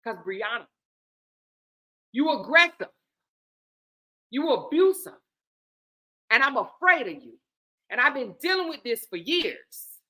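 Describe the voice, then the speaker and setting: A woman voicing a husband who sounds sweet and calm, with a soft, coaxing, syrupy manner. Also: sits high, slow, pauses often, exaggerated voice. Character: man, calm husband, falsely sweet, mocking.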